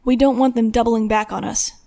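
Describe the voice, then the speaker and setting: A woman voicing a quiet, guarded young man who speaks softly and tersely in an audiobook. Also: on the high side, steady tone, a little fast, vocal fry. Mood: hushed. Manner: soft, hushed, terse.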